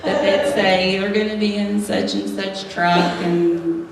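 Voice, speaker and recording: A middle-aged woman with a steady, medium-pitched voice speaks unhurriedly, recounting a funny testimony to a church audience of women and laughing often. Noise fills the background of the echoey hall, captured by a distant mic.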